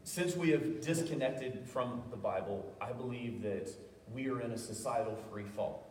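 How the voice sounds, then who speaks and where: A man's voice: mid-range voice, moderate pace, slight background noise. A man preaching a sermon, telling stories with self-deprecating humor and often stumbling over his words. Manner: frequent stammered restarts. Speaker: pastor. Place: church hall. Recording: echoey hall, voice from far off.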